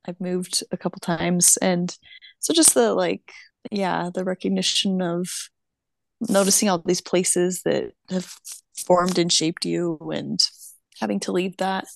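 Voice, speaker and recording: Young woman with a gravelly vocal fry. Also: fairly low pitch, fairly even intonation, measured pace, dry recording. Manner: nostalgic, hesitant, with many fillers. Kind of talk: casual chat.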